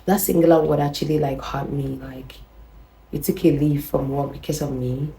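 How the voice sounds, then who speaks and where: A young woman with a low voice tells a personal story to camera, chatty and animated. She often repeats words and adds "you know" as she goes. The recording has a noticeably echoey room sound. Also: normal speed, slight background noise. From Nigeria. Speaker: vlogger. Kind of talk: casual storytelling.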